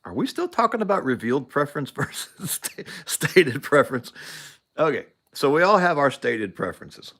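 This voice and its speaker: A man's voice: mid-range voice, fairly bright tone. A man hosting a show, telling a story casually, rambling with frequent laughs and restarts. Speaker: show host.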